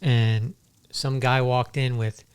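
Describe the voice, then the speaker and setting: A man's voice: medium pitch, fairly even intonation, slow, smooth. Guy on a podcast rambling thru a story, and then and then, plain middle voice. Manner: rambling anecdote-telling, full of restarts and "and then". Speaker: toy shop owner and podcast host.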